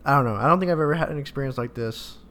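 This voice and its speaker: Male podcast co-host, mid-pitch, loose and halting storyteller. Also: a bit bright. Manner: rambling, halting anecdotes. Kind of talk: casual chat.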